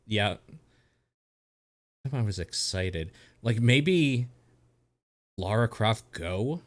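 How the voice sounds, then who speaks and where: A man's voice: lowish voice, expressive, extremely slow, no room sound. A man co-hosting a podcast in a laid-back way, swearing casually as he talks. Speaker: podcast co-host.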